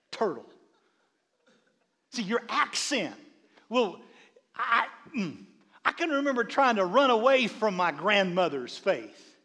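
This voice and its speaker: A man preaching a sermon as a bishop, animated, with frequent stammered restarts and quiet asides. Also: high voice, normal speed. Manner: drops into quiet asides and quoted voices. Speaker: bishop and pastor.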